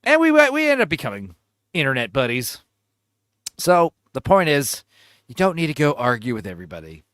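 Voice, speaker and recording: A man's voice: on the high side, wildly swooping pitch, moderate pace, a bit bright, no echo, studio quality. A man hosting a livestream, telling crude, rambling stories in casual chat. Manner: crude, rambling, joking storyteller. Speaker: livestream host.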